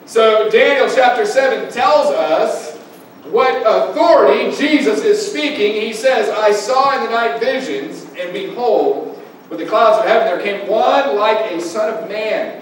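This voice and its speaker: A high-voiced male pastor preaches in a church sanctuary, pressing his point with questions to his listeners. His voice booms back from a very echoey hall, picked up from some distance by a room mic, with faint noise underneath. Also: a little slow. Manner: preaching with rising emphasis and direct questions to listeners. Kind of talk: sermon.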